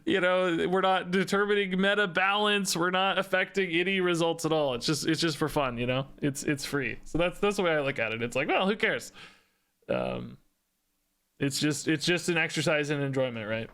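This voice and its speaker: A man streaming a card game, talking fast in an exasperated, animated rant with frequent laughs and repeated words. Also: on the high side, clean tone.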